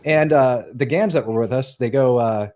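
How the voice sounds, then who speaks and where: Man telling war stories, animated. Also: medium pitch, normal speed. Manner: animated, profane, acts out quoted voices. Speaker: podcast guest, former Green Beret. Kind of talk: casual storytelling.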